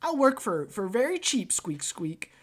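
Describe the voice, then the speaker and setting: Man doing a squeaky eager rat-man inventor. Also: very animated, unhurried, full character voice. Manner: squeaks between words, eager and salesy.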